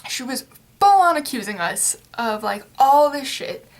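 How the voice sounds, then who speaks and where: A woman's voice: high voice, very animated, a little slow. A young adult woman talking straight to camera in a casual vlog rant, rambling and exasperated, with lots of fillers. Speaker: vlogger.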